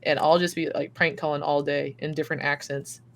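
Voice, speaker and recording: A young woman telling stories as a podcast guest in casual chat, animated and laughing often, acting out the people she quotes. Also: low voice, brisk, vocal fry.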